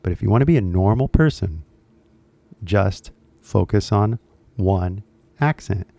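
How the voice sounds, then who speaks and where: An English teacher with a Californian accent chats casually on a livestream, switching languages and filling his talk with fillers. His lowish voice is expressive, gravelly and mellow, at a measured pace.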